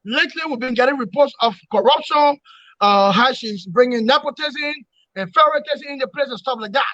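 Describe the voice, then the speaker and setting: An opposition commentator gives forceful political analysis in an interview, lecturing his points in an emphatic, repetitive way. His voice is very high-pitched and fairly quick, and the recording is muffled with no room sound.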